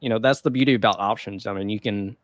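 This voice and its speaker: A man's voice: on the low side, fast talker, dry recording. Man, podcast host, casual rambling chat, loose and easygoing, dry close sound. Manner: laid-back, rambling with frequent fillers and laughs.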